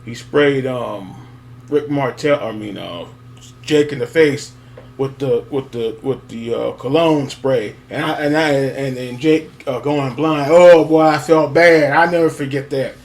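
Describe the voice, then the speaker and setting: A man's voice: mid-range voice, measured pace, gravelly. A man rambling casually to his viewers, with many fillers and chuckles. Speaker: wrestling fan vlogger. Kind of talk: casual nostalgic monologue.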